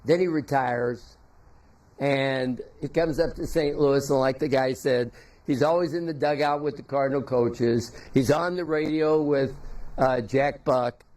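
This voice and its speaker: An older man offers a memorial tribute, sharing folksy, halting anecdotes about a former teammate. His mid-range voice has a darkish tone and fairly even intonation.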